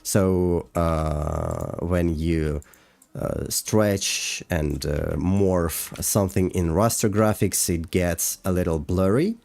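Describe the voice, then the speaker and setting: A man's voice: low-pitched, takes it slowly, gravelly, a little mellow, no echo. A man casually chatting on a livestream while walking through his animation work, hesitant with many fillers. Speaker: animator streaming a breakdown. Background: faint music.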